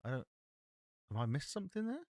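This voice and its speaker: A man's voice: a little high, huge pitch swings, brisk, darkish tone, dry recording. Man thinking aloud on a stream. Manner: thinking aloud while reading card text. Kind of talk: casual live-stream chat. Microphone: XLR mic.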